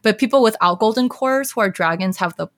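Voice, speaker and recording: A young woman hosting a podcast casually recaps a story, chatty and leaning heavily on fillers, especially "like." Her voice is a little high, she talks a little fast, and there's no room sound.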